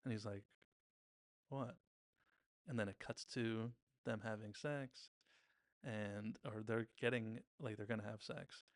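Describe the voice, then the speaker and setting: Gravelly man casually recapping a show. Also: lowish voice, steady tone, normal speed, dry recording, studio quality. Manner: chatty, retells scenes by briefly mimicking characters' lines. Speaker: podcast host recapping a TV episode. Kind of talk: casual episode recap commentary.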